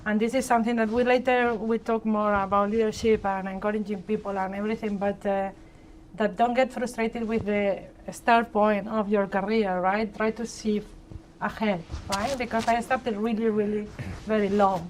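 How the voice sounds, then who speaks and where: A woman with a Spanish accent talks through her career as a panel guest. Her manner is chatty and she keeps checking in with her listeners. Her voice sits at a middle pitch over faint background noise. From born in Argentina, grew up in Spain. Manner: chatty, tags sentences with "right?". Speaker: panel guest, treasury leader. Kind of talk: personal story on a live panel.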